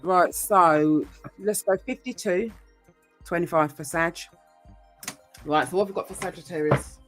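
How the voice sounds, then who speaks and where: A woman gives a casual tarot reading in a somewhat low voice. She talks in a chatty, rambling way, full of ums and the odd swear word. Faint music plays in the background. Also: unhurried. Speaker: tarot reader.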